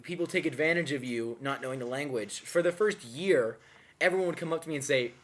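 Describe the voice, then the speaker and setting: A man's voice: fairly high pitch, a little fast. A young man co-hosting a podcast, joking, laughing often and acting out voices while telling stories. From grew up abroad as a third culture kid. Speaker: podcast co-host. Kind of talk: casual chat.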